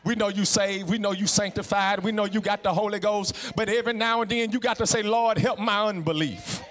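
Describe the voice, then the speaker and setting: A middle-aged man with a Southern US accent preaching in a Black church, emphatic, stammering repeats, a sing-song cadence that swings from hushed to shouting. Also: high-pitched, little pitch movement, fast talker, in a large hall. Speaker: guest preacher. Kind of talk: Black church sermon with call and response. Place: church sanctuary.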